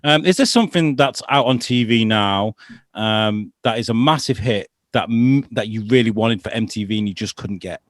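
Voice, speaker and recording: Speaking at a normal pace in a fairly low voice, a man co-hosts a podcast and chats casually. He's an animated storyteller who performs quotes, and the recording is dry and studio-clean.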